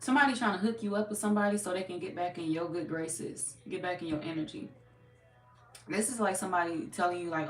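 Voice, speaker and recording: A woman giving a casual live tarot reading. She talks bluntly and profanely, chats with her viewers, and is slightly hoarse from losing her voice. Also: on the low side, fast. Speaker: tarot reader. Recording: echoey room, distant mic, background noise.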